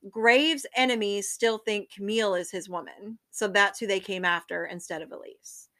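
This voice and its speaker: A woman's voice: mid-range voice, normal speed, bright, forceful tone. A woman in casual conversation, recapping a book's plot and acting out the characters' lines with casual swearing. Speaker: book discussion co-host. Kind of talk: casual book chat.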